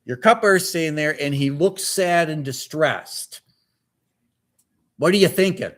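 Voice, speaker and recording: A male pastor preaching a sermon in a church, telling the story with animated acted-out dialogue. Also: on the high side, a little slow.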